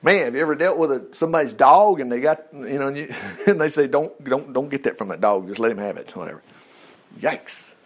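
A man preaching a sermon, retelling a story with animated asides and frequent chuckles. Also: mid-range voice, fairly quick. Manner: animated storytelling, acts out quotes, chuckles often.

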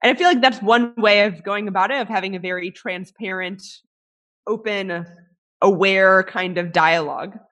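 A woman's voice: mid-range voice, moderate pace, fairly bright tone. Reflective woman hosting a podcast. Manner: reflective, thinking aloud, frequent restarts. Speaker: podcast host. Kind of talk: casual interview chat.

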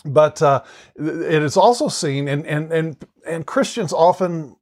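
A man's voice: a little high, a little slow, darkish tone. A man gives a conversational Bible teaching in a slightly raised voice. He is earnest and explanatory, often circling back and repeating words as he works through a point.

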